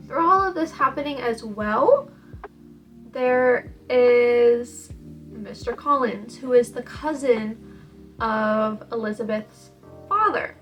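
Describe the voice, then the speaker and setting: A tired young woman in a casual book review vlog, talking in an animated, slangy and emphatic way. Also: a little high, slow pace, dull audio. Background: faint background music.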